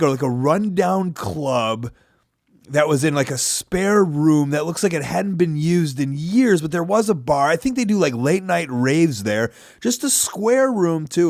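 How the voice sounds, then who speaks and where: A man, hosting a podcast in a rambling, self-deprecating monologue with animated asides. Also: on the high side, no echo, clean studio sound. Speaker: podcast host. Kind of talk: casual monologue.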